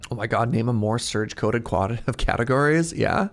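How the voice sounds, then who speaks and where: A man in his thirties giving casual, animated live-stream commentary as he plays, laughing often and chatting with his viewers. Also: mid-range voice, moderate pace, faint music behind. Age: 30s. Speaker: game streamer.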